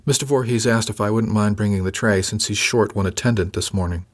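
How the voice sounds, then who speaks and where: A man voicing a sharp-witted young female crew member who teases with a mock-innocent manner. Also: fairly low pitch, brisk, close to an everyday voice. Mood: sly teasing.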